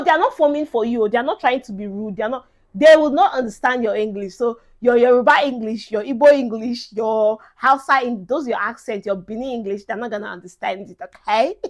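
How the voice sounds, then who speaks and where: Chatty Nigerian woman, slightly high voice. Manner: emphatic and chatty, slipping into Pidgin phrases. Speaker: vlogger giving advice to incoming students. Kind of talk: casual advice vlog.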